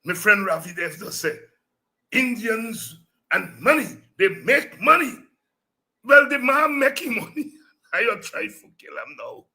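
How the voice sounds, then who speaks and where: A man hosting a political talk show, telling animated stories and breaking into song. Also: high voice, a little slow, gravelly. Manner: animated storytelling, breaks into singing and shouting. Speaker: show host.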